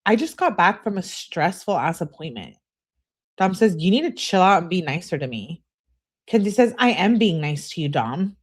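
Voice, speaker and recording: A woman reads text messages aloud as a true crime commentator, her pitch rising and falling in a lively way. She breaks in with sarcastic, mocking remarks between the messages. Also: normal speed, breathy edge.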